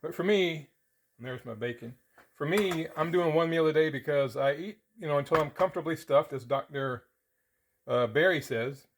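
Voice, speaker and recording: A man with a somewhat high voice hosts a casual how-to cooking vlog from his home kitchen, a diet vlogger chatting in a folksy way and sometimes eating mid-sentence. He talks at a normal speed, with slight noise in the background.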